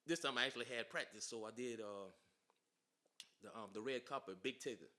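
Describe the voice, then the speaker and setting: A man from South Carolina, a podcast guest telling animated stories, laughing often and acting out quotes. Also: medium pitch, moderate pace. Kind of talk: casual storytelling interview.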